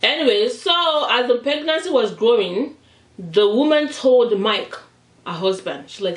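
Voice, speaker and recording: Young nigerian woman, storytime vlog, dramatic and animated, echoey room, mic kinda far. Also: on the high side, measured pace. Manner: animated, dramatic retelling, acts out voices. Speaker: vlogger. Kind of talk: storytime chat while eating. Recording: roomy, mic at a distance.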